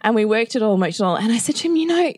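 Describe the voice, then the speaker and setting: Brief: woman podcast co-host, candid and animated, swears freely, dry close sound. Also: very fast, no echo. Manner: animated, swears freely, acts out quotes with big pitch jumps. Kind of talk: candid conversational storytelling.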